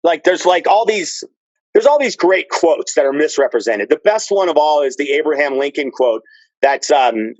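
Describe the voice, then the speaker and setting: A man's voice: on the high side, animated, moderate pace, a little mellow, dry recording, muffled recording. Profane, storytelling man on a podcast. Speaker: podcast guest. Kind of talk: casual podcast chat.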